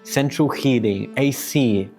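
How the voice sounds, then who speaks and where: A man's voice: mid-range voice, slow pace, a little mellow, soft background music. A man hosting an explanatory video essay, thinking aloud in a reflective way with occasional restarts.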